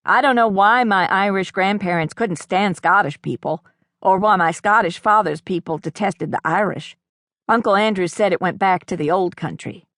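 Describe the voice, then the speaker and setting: A woman's voice: fairly low pitch, no room sound. A woman audiobook narrator reading a first-person novel in a reflective storytelling manner, recorded in a studio.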